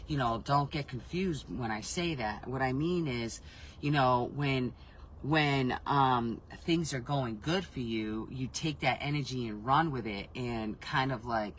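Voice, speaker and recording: Male reader, mid-pitched, rambling and blunt, casual spiritual reading with frequent restarts and swearing. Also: measured pace, a bit bright, slight background noise, low-quality recording. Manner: rambling, self-interrupting, swears freely; frank, emotionally reactive. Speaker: intuitive reader.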